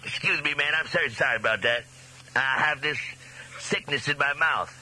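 A man's voice: on the high side, normal speed, noisy background. An American man hosting a radio show, teasing callers in drawling, chuckling hipster slang. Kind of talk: jive-talking radio show patter.

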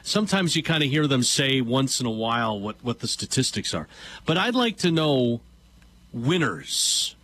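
A man's voice: mid-range voice, sing-song, normal speed, a bit bright. A man co-hosting a radio show with a Connecticut accent, making wry quips and thinking aloud in casual chat. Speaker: radio co-host. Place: radio studio.

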